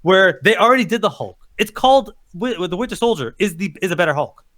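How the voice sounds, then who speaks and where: High-pitched man ranting animatedly. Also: expressive, fast, a bit bright. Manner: heated ranting, swears, acts out quotes. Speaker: podcast co-host. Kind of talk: casual pop-culture chat.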